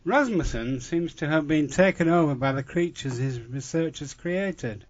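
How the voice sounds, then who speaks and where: Man, fairly high voice, listener feedback, measured read-out, dull lo-fi audio. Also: lively intonation. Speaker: listener sending recorded feedback. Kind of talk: read-out commentary.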